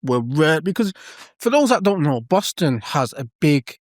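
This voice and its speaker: A man's voice: on the high side, very animated, a little slow, no room sound. Chatty man, dry close sound. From England. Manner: chatty, laughs often, many restarts. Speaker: podcast co-host. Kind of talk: casual chat.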